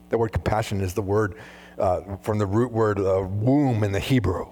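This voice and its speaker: A man preaching a sermon as pastor, conversational and animated, full of asides. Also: fairly low pitch, normal speed, slight background noise.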